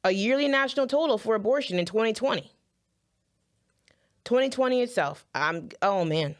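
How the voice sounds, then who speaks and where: A woman's voice: fairly high pitch, lively intonation, brisk. Earnest woman fighting back tears. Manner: earnest, emotional, addresses viewers directly, repeats phrases. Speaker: commentator. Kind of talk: impassioned video commentary.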